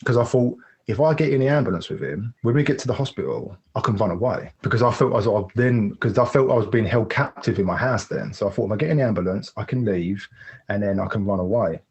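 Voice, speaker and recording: A man recounts a hard personal episode at a quick clip, in a low and husky voice. He rambles openly and acts out the other people's lines as he goes. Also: expressive, a little mellow. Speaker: podcast guest. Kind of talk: personal storytelling.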